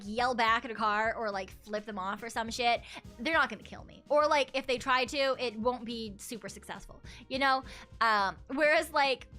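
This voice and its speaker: A woman streamer chats casually, rambling through stories with frequent laughter. Her voice sits high and sounds bright. Soft music plays faintly behind her. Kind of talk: casual chat.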